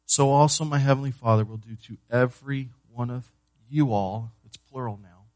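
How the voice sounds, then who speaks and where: A pastor preaching a sermon to his church, moving between loud emphasis and hushed, low delivery, and asking the congregation questions he then answers. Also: moderate pace, no echo. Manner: asks the congregation questions and answers them himself.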